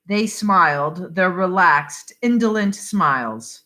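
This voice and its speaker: Brief: woman storyteller, slow and lively in pitch, bright tone. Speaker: reader. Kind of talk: reading a short story aloud.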